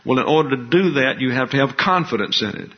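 A man who teaches a Bible class as pastor, explaining Greek terms slowly and deliberately. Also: medium pitch, lively intonation. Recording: dull lo-fi recording.

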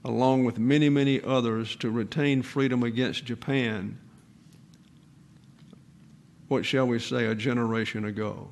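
A man in his eighties, a pastor giving a sermon in an earnest, measured way with pauses. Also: mid-range voice, fairly even intonation, vocal fry. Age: 80s.

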